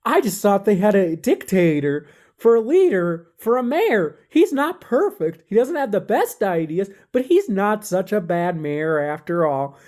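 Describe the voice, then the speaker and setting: A bitter, lonely hoarder of a man , put on by a woman telling the tale. His yells jump way up in pitch and sound a little off the mic. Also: very animated, unhurried. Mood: sheepish. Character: grumpy lonely greedy man who hoards stolen things.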